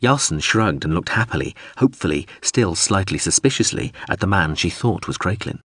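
A man narrating a story in an expressive audiobook reading. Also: sits low, moderate pace, husky, dry recording, studio quality.

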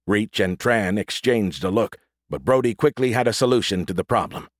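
A low-voiced male audiobook narrator reads scripted narration at a moderate pace. The recording is dry, with clean studio sound.

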